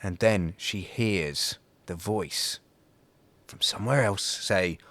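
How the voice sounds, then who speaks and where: Taking his time, a podcast co-host with a low, slightly bright voice tells a rambling folk tale loaded with fillers, restarts, and profanity. It's casual storytelling chat with no echo.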